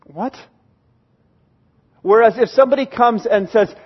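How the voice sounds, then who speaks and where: A man preaching a sermon, earnest and pleading, slowing down and repeating phrases for emphasis. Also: extremely high pitch, very animated, breathy edge, highs cut off. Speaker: pastor.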